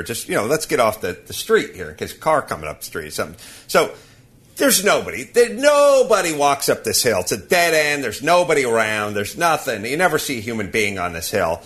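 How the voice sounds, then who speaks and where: A man's voice: mid-range voice, a bit bright. A man hosting a podcast, ranting and laughing through a casual comic story. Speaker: podcast host.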